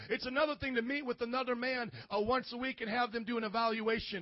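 A man's voice: extremely high pitch, fairly even intonation, fast talker, few pauses, no echo, muffled recording. A man in his thirties preaching a sermon as pastor, calling for amens and acting out quoted voices. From grew up in an Italian family. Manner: call-and-response preaching, asks congregation for amens.

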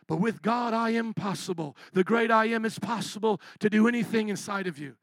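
A man preaching a sermon as pastor, impassioned, swinging between loud declarations and hushed asides. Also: sits high, fairly quick, dry recording.

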